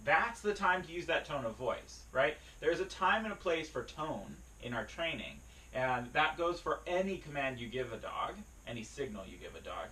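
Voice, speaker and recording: Guy explaining dog training to a camera, bright clear tone, bit far from the mic, lots of ums. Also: a little high, normal speed. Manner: relaxed, explanatory, frequent fillers and restarts. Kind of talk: casual spoken lesson to camera. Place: beside his dog, speaking to a camera.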